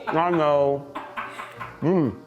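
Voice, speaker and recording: A man's voice: on the high side, steady tone, very slow, muffled recording. A man from Tennessee hosting a food tasting in an office, joking and reacting playfully as he eats. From Tennessee, USA. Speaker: host.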